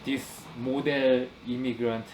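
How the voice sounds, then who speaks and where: Halting man co-hosting in an echoey room. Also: medium pitch, level tone, darkish tone. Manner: halting, frequent backchannel agreement. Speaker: podcast co-host. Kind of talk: casual podcast chat. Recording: echoey room with faint ambient noise.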